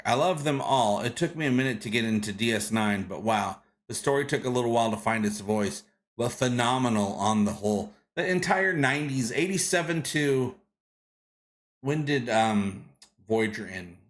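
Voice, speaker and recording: A man's voice: mid-range voice, lively intonation, moderate pace, fairly bright tone. Rambling enthusiastic male live-stream host. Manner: rambling with frequent restarts and fillers; enthusiastic, greets viewers by name. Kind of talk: casual live-stream chat reading comments.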